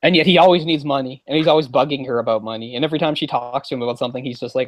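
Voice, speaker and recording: A man's voice: mid-range voice, racing, hardly any pauses, no room sound, low-quality recording. A man in casual podcast chat, rambling with many fillers and sounding exasperated. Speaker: podcast co-host.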